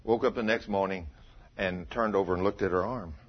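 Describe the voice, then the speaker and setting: A husky-voiced man preaches a folksy, storytelling sermon. His delivery swings from low and quiet to loud, emphatic peaks. The recording is dull and lo-fi. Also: brisk.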